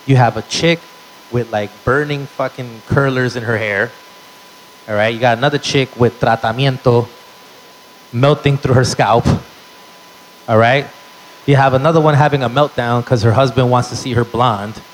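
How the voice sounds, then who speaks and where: A man's voice: mid-range voice, slight background noise, rough recording. A man telling a stand-up story in a brash, profane way, tossing in Spanish phrases. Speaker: stand-up comedian.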